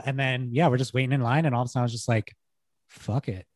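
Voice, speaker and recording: A young man co-hosting a podcast, wandering through a story in a mid-pitched voice. He swears freely and laughs often as he talks. The sound is dry and close. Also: steady tone, racing, no echo. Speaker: podcast co-host. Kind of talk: casual chat.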